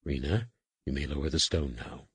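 A man's voice: extremely low pitch, moderate pace, fairly bright tone, breathy edge, dry recording, pitched below the performer's own voice, exaggerated voice. A man reading the part of a stern, commanding alien female master scientist in an audiobook, with brusque, clipped orders.

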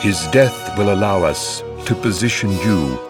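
A man voicing a cold, scheming male alien Sith master in measured, menacing tones. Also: low voice, expressive, over music.

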